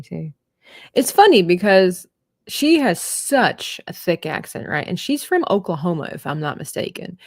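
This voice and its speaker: A woman's voice: on the low side, very animated, normal speed, no echo, studio quality. A woman chatting casually as she paints on a livestream, rambling and trailing off mid-thought. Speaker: livestreaming artist. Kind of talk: casual chat while painting.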